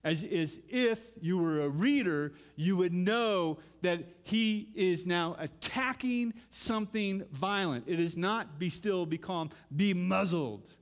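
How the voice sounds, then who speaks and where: A man's voice: high-pitched, slow, hardly any pauses. A middle-aged man preaching a sermon as pastor, dramatically reading scripture and acting out pleas to God.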